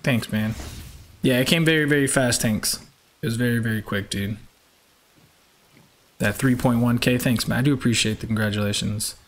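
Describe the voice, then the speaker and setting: A man's voice: mid-range voice, normal speed, pauses often. A young man from Georgia, chatting upbeat with viewers as he live-streams a racing game from home.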